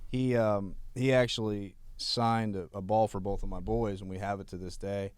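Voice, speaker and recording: Calm man, low smooth voice, measured casual talk, dry sound. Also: dry recording. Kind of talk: casual chat.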